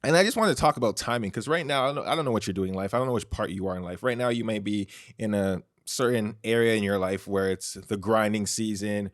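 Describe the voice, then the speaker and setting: A man's voice: on the low side, fast talker, hardly any pauses, no echo, clean studio sound. Chatty man hosting a podcast. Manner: chatty, heavy use of "like" and "you know", restarts. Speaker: podcast host. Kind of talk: casual solo podcast monologue. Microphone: close studio microphone.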